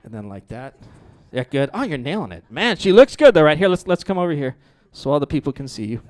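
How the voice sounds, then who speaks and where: A man's voice: on the high side, fast talker. A middle-aged male pastor preaching a sermon in a conversational, playful way. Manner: conversational, lively and playful with the congregation.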